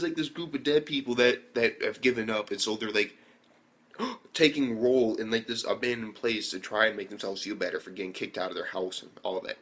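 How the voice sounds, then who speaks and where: A young man recapping an anime episode in casual slang, excitable and full of swearing and fillers. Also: mid-range voice. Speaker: anime reviewer.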